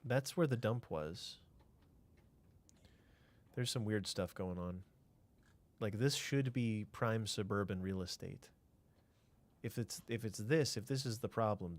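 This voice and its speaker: A man with a fairly low voice talks through a city-building game as he streams it. He thinks aloud, answers chat and now and then drops into a near-whispered mutter. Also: slow pace, long pauses. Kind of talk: casual game commentary.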